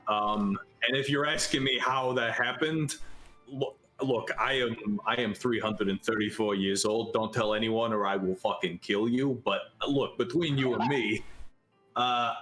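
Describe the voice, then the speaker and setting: A man's voice: medium pitch, moderate pace, pushed and bright, soft background music, close to an everyday voice, low-quality recording. A man voicing a flustered, awkward adventurer in a tabletop game, stammering and repeating himself nervously. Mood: rambling. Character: flustered, awkward old male half-elf player character.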